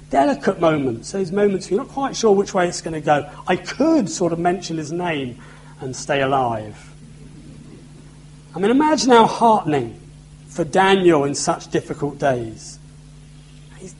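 A preacher delivers a sermon in a relaxed, conversational manner with bits of self-deprecating humor. His voice sits a little high for a man. A faint hum runs under the recording. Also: low-quality recording.

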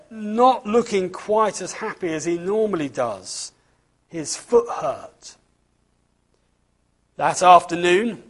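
A man giving a children's talk, reading a storybook aloud and turning to the listeners with questions. His voice is high for a man and slightly husky. He speaks at an unhurried pace. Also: a bit bright.

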